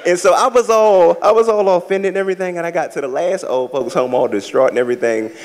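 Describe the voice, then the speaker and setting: A man's voice: sits high, fast, big-room sound. Sassy Southern man doing stand-up. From American South. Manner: sassy, campy storytelling with loud acted-out asides. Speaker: stand-up comedian. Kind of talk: live stand-up set. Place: large theater stage with a live audience.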